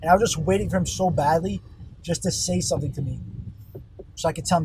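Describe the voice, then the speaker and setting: Young guy venting on his phone while driving, slightly higher voice, rambling and cursing, faint car noise underneath. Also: fast. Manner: profane, exasperated, rambling. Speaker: fast-food worker. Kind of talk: profane storytime rant. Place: car on a highway. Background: vehicle noise.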